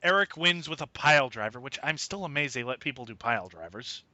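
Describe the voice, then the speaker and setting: Animated male co-host, high bright voice; dry, muffled podcast audio. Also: fairly quick, no echo. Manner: animated, does mocking voices of wrestlers. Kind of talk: casual wrestling review chat. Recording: dull lo-fi podcast mic.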